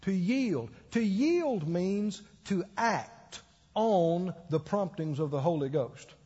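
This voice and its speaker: A preacher delivers his sermon in a high, slightly husky voice, acting out the people in his stories. The recording is muffled, and a long echo hangs in the church hall. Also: slow pace. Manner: animated storytelling with acted-out quotes and laughter. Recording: dull echoey church hall.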